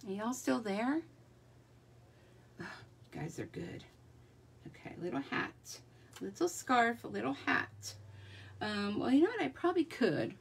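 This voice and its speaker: A woman's voice: fairly high pitch, expressive, unhurried, gravelly, pauses often, breathy edge. A woman chatting her way through a live card-making demonstration, talking to herself as she works. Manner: chatty, talks to herself while working.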